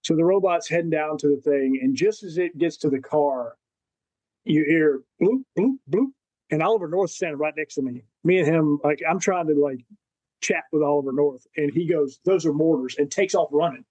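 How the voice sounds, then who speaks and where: A man's voice: on the high side, moderate pace, no room sound, low-quality recording. A man, a Marine veteran guest on a podcast, telling war stories in casual chat and acting out what people said. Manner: animated storyteller who acts out quotes. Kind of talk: casual storytelling.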